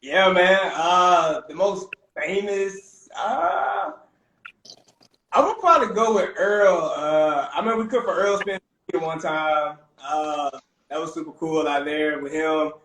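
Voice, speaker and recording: Young male chef guest, lively slangy storyteller, higher-pitched voice, roomy echo on the mic. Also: slow pace. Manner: animated, peppers talk with "man" and "bro". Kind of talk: casual storytelling.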